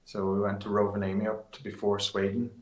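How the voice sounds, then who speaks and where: A man's voice: on the low side, a little fast. Man telling rally stories in an echoey room. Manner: lively anecdotes, rambling with restarts. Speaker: guest, rally competitor. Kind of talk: casual interview storytelling.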